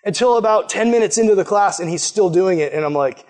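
A man's voice: high voice, quick pace, darkish tone. A man preaching a casual sermon to young people, enthusiastic and chatty, often saying "like" and "man". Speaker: youth pastor.

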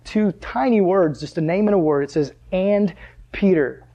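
High-voiced pastor preaching in church, lively, keeps quizzing the crowd. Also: male voice, normal speed, dull audio. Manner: animated, asks the audience questions. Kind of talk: sermon. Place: church hall with a live audience.

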